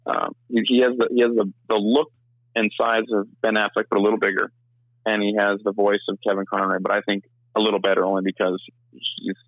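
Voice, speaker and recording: Fast-talking man with a gravelly low voice. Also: level tone, dry recording, dull audio. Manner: fast, rambling, full of restarts and "like". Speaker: filmmaker and actor, interview guest. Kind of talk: casual interview chat.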